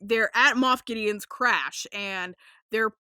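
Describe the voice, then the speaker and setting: A young woman hosting a casual podcast, rambling with lots of fillers, swearing freely and getting excited. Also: mid-range voice, slow, no room sound, clean studio sound. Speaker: podcast host.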